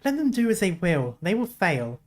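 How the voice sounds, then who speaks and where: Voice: mid-range voice, big pitch swings, soft background music, natural voice. A streamer putting on a stern, grave emperor with a British accent. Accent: British, put on. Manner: solemn, formal, measured reading. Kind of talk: reading a game story aloud.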